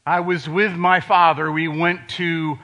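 An older man from Ohio preaching a sermon in a conversational way, dropping suddenly to quiet emphasis on key words. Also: a little high, little pitch movement, a little slow. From Ohio, USA.

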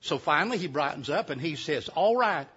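A man's voice: fairly high pitch, expressive, fast talker, bright, forceful tone, husky. A man telling a folksy tale to a live audience, with chatty asides. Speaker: storyteller. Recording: dull lo-fi recording.

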